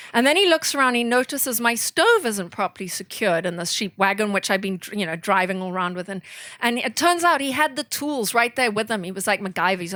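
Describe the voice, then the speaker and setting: A woman author from southern Africa telling animated, self-deprecating stories to a bookstore audience, laughing often. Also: a little high, fairly quick, dry recording, clean studio sound. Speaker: author speaking at a bookstore event. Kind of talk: storytelling in an audience Q&A.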